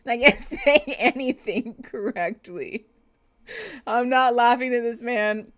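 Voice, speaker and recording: Woman therapist host, live reaction stream, unhurried delivery, chatty and laughs a lot. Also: a little high, fairly bright tone. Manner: chatty, laughs often, talks to chat. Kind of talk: casual live reaction chat.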